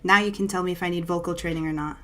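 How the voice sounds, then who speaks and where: A woman streamer chatting casually with her live chat, bubbly and self-deprecating, talking in quick bursts with giggles. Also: fairly low pitch, fairly even intonation, fairly bright tone.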